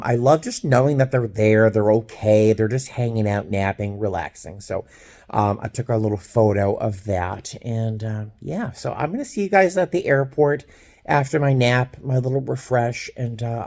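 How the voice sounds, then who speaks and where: A man in his fifties talks to his camera from a hotel room, an easygoing flight attendant telling stories. He is chatty and animated and slips into little voices to quote people. His voice sits at an ordinary, mid-range pitch. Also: normal speed, creaky. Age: 50s. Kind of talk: casual vlog chat.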